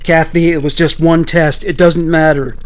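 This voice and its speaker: A man voicing a frightened male schoolteacher who tries to calm a student in a true-crime story. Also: a little high, normal speed, close to an everyday voice. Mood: pleading. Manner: pleading, placating.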